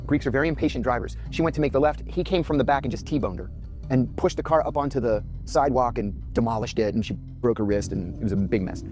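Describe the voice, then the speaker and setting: A man telling a dramatic personal story in an animated way. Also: mid-range voice, fast, soft background music.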